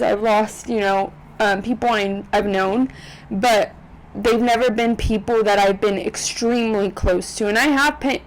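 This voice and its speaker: Tearful young woman vlogging, rambling softly. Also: medium pitch, low-quality recording. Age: 20s. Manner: chatty, rambling, with many ums and self-corrections. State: tearful, on the verge of crying. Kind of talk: casual vlog talk to camera. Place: corner of her apartment room. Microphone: USB desk microphone.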